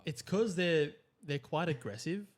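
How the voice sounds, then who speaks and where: A man's voice: fairly high pitch, lively intonation, a little slow. A man co-hosting a podcast, talking about cars in a rambling way with lots of fillers. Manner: rambling, full of "like" and restarts. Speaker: podcast co-host. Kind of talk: casual chat.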